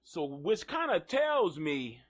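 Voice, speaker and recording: A man hosting a live gossip show, running a joking, mocking commentary full of profanity. His voice sits fairly high and moves in a lively way. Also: takes it slowly. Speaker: host.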